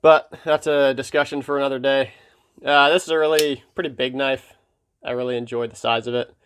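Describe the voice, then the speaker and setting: A man from Pennsylvania hosting his knife vlog, talking casually and wryly, his voice slightly froggy and hoarse. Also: mid-range voice, steady tone, brisk, a bit bright, slight background noise. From Pennsylvania, USA. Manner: laid-back and wry, with filler ums. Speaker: knife channel host. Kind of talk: casual hobby vlog talk.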